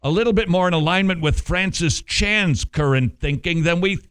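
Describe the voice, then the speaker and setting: A man preaching a sermon, animated, with rhetorical questions and playful asides. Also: sits high, normal speed, clean tone. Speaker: pastor.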